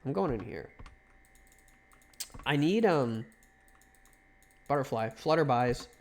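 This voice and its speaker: A man's voice: medium pitch, animated, slow, darkish tone, slight background noise. A man streaming a video game live, giving casual commentary, joking and swearing as he talks back to the game.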